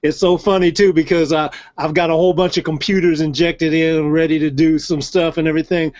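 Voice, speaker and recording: A man with a fairly high voice hosts a relaxed online chat. He laughs easily and keeps things loose. His audio sounds muffled and lo-fi. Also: a little fast. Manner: laid-back and laughs often. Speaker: host. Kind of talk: casual chat.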